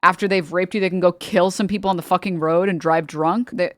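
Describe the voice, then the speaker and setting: A woman's voice: fairly low pitch, fairly even intonation, brisk, no echo, studio quality. A woman streamer in a casual reaction stream, ranting heatedly with a lot of swearing and talking straight to her chat. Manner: heated, profane, exasperated ranting.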